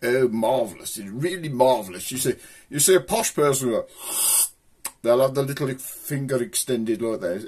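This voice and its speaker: A man's voice: medium pitch, expressive, moderate pace, darkish tone, breathy edge. A middle-aged man with a broad Black Country accent, hosting a rambling, chatty comic show. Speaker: host. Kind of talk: casual comic monologue to camera.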